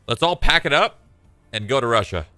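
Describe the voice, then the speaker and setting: Relaxed swearing male streamer, bright voice. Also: mid-range voice, brisk, no room sound, soft background music. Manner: laid-back, joking, swears often. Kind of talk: casual gameplay commentary.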